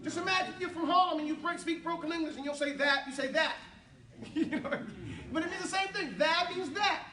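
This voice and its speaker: Brief: high-pitched male teacher, joking and easygoing, in an echoey classroom heard from a distance. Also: brisk, pushed and bright. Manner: playful, joking, switching between English and Arabic. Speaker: Arabic teacher.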